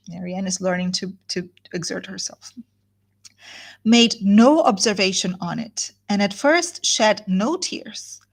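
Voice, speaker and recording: A woman leads a live guided reading of a novel, mixing read passages with friendly explanatory asides. Her voice is slightly husky and breathy, at an ordinary middle pitch. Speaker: literature teacher.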